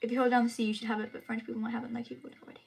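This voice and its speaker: A woman's voice: fairly high pitch, level tone, very fast, vocal fry, darkish tone. A teenage girl from England chatting casually on a livestream as she reads and answers comments, often restarting her sentences. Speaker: livestream host. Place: home room.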